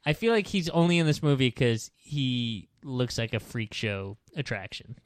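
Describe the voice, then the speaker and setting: Smooth, clear man, skeptical co-host, gripes a lot, dry sound. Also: medium pitch, normal speed, no echo. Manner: skeptical, complaining, sighs. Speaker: podcast co-host. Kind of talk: casual chat.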